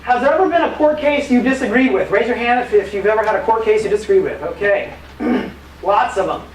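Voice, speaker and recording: A man, an apologetics teacher, giving a live conference talk in lively, casual storytelling style with acted quotes and fillers. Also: sits high, a little fast. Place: museum conference room. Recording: echoey room, distant mic, faint noise.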